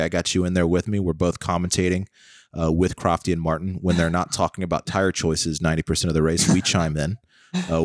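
A man's voice: low-pitched, no room sound, clean studio sound. An American man in his thirties co-hosting a podcast, joking and rambling with lots of fillers. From United States. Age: 30s. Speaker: podcast co-host. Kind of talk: casual chat.

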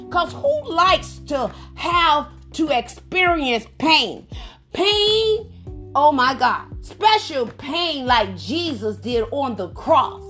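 A woman's voice: sits high, very animated, slow pace, a bit bright, faint music behind. A woman minister preaching fervently on a prayer line, exclaiming often and repeating phrases for emphasis. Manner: calls on listeners by name for responses. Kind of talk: preaching sermon.

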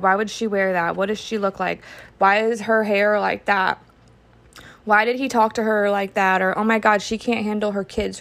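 A young woman talks through a solo podcast episode at an unhurried, drawn-out pace. Her tone is candid and reflective, scattered with fillers like "um" and "like" and an occasional curse. Her voice sits at an ordinary middle pitch. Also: a bit bright. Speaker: podcast host. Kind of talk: casual solo podcast talk.

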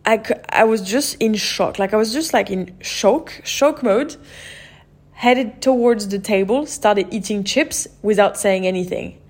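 A woman's voice: mid-range voice, measured pace. A woman hosting a podcast, telling a personal story in an open, emotional way and often saying "like" and "you know". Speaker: podcast host.

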